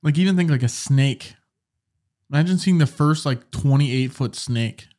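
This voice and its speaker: A man's voice: medium pitch, unhurried, darkish tone. A young man co-hosting a casual podcast who rambles through jokes and imagined scenes. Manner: joking, rambling storyteller with mild swearing. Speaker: podcast co-host.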